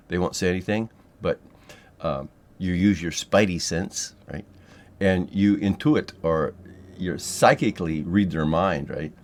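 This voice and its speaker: A man teaching a spiritual technique in a loose, rambling monologue, swearing freely and filling pauses with ums and yeahs. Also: low-pitched. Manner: loose and profane, rambling with many fillers. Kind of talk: casual monologue to camera.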